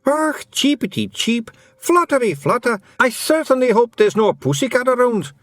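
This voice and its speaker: A man voicing a tiny, wild, brawling fairy man with a Scottish accent and a squeaky, shrill, yelling voice. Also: big pitch swings, moderate pace, no room sound, heavily acted. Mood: mock-birdlike.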